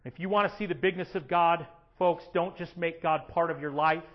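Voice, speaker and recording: A man with a high, light voice preaches a sermon from the front of a church. He is animated and acts out people's prayers in a raised voice. The sound is a little dull and lo-fi. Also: moderate pace. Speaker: pastor. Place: church sanctuary.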